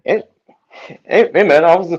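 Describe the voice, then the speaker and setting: A man chats casually as co-host of an anime podcast. He stumbles and restarts his sentences, and his fairly high voice comes through a dull, muffled lo-fi recording. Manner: halting, repeats words, many fillers. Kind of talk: casual chat.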